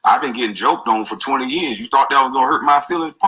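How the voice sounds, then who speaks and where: Angry guy ranting and cussing, really bright cutting voice, kinda husky, laughs at people. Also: mid-range voice, quick pace, low-quality recording. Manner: confrontational, profane, laughing scornfully. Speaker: guest. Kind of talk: heated profane rant.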